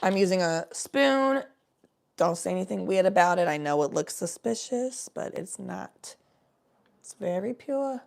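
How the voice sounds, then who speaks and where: Young woman streaming, raspy creaky voice, rambly and swears a lot, super laid back. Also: fairly low pitch, expressive, normal speed, a little mellow. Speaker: livestream host. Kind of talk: casual chat.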